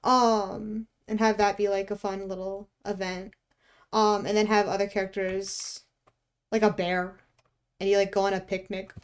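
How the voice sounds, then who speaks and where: A woman's voice: medium pitch, flat delivery, normal speed, clear, resonant tone. A woman streaming while she draws. She chats casually, teases herself, swears offhandedly and laughs often. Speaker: art streamer. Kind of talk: casual live-stream chat while drawing.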